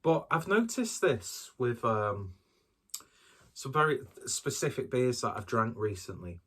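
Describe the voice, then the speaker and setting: A man's voice: mid-range voice, sing-song, measured pace, fairly bright tone, slightly rough. A man doing a casual solo beer review, talking in a rambling, hesitant and self-deprecating way.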